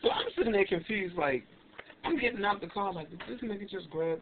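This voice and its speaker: A young adult man vlogging, telling a story in an animated, emphatic and indignant way. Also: high voice, fairly quick. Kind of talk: casual ranting storytelling. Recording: tinny lo-fi webcam audio with faint hiss.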